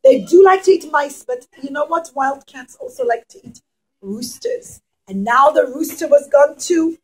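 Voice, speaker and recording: High-voiced woman telling children a story. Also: expressive, moderate pace, darkish tone, poor audio. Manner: addresses children with questions. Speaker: puppeteer and storyteller.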